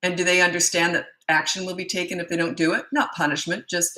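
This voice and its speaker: A woman's voice: fairly low pitch, flat delivery, fast talker, few pauses, bright, forceful tone, rough recording. A middle-aged woman parenting coach answering questions in a casual, blunt and matter-of-fact way. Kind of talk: casual Q&A advice talk.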